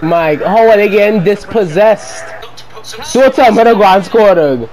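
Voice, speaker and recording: A young man giving heated, profane commentary while playing a football video game, often shouting at his players. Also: high voice, lively intonation, measured pace, a little hiss or hum, rough recording. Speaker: gaming video creator.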